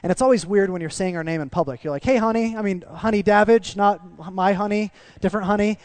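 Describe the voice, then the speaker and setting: Earnest higher-voiced male preacher. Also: fast talker. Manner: conversational, earnest, dips soft in emotional parts. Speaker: pastor. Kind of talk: sermon with storytelling.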